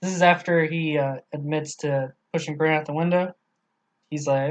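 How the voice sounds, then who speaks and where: A man's voice: fairly high pitch, fairly even intonation, normal speed, lo-fi sound. A man co-hosting a casual book discussion podcast, talking loosely with some swearing and reading quoted passages aloud. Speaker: podcast co-host.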